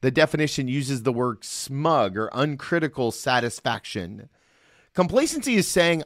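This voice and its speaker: A man's voice: mid-range voice, animated, a little slow, fairly bright tone, dry recording, studio quality. A middle-aged man hosting a solo Christian podcast, talking earnestly and conversationally and checking in with the listener often. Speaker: podcast host. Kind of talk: solo devotional podcast talk.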